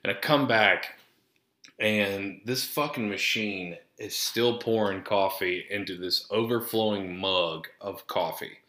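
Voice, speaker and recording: A man's voice: on the low side, takes it slowly, sharp tone. A man hosting a podcast, telling a rambling, profane story that keeps going off on tangents. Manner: profane, rambling, easily sidetracked. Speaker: podcast host. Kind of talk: casual rambling monologue. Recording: roomy echo.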